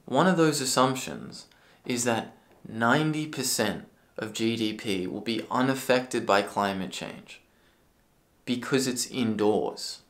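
A political commentary creator rants in his own video, sarcastic and profane, at a slow pace. His pitch is an ordinary middle range, and he lurches from dry mockery into sudden shouting.

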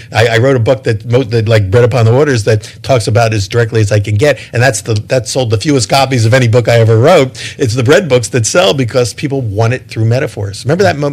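This somewhat low-voiced man is a guest in an interview, talking reflectively and at length. His speech is thoughtful yet halting, full of repeated words and restarted sentences while he collects his thoughts, with a slightly mellow quality.

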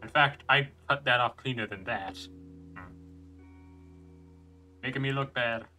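A man's voice: medium pitch, measured pace, pushed and bright, faint music behind. A man streaming a video game and thinking aloud as he plays, chuckling and restarting his sentences. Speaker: gaming streamer. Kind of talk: let's play commentary.

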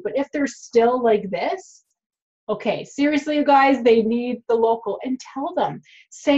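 Woman, dental hygienist, frank chatty talk to camera, fairly high voice, slightly muffled audio. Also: measured pace, a little mellow. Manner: chatty, frank, addresses viewers directly.

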